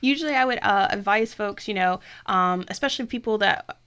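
A woman's voice: medium pitch, fairly quick, fairly bright tone, clear, resonant tone. A woman talking about her blood services work in a chatty, enthusiastic way, with lots of fillers. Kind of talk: casual interview talk.

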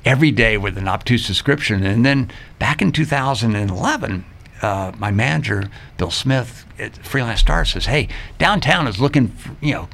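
An older retired man, a guest on a radio talk show, telling stories in an animated way and acting out quoted voices. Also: mid-range voice, moderate pace, vocal fry. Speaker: radio guest, riddle writer. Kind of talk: casual radio interview chat.

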